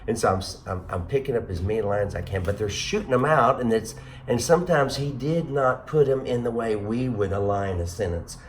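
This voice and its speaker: A man's voice: mid-range voice, fairly quick, few pauses, slight background noise. A man in his sixties hosting a casual chat, rambling and self-deprecating. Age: 60s. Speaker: host.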